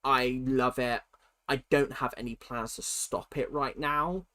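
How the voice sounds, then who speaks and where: Chatty streamer with a cold. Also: male voice, medium pitch, fairly even intonation, a little slow, bright, forceful tone. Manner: chatty and candid, answering questions as they come. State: has a cold. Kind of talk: casual livestream chat, reading viewer questions aloud.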